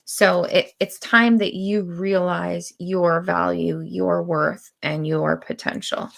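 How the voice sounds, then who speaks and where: A woman giving spiritual readings on a live stream, speaking in slow, deliberate, drawn-out phrases. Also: on the low side, fairly even intonation, vocal fry. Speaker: spiritual reader.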